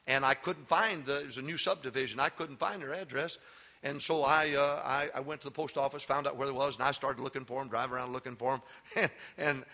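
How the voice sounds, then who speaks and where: An older man, a pastor giving a sermon that swings from loud emphatic preaching to folksy storytelling. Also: medium pitch. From Texas.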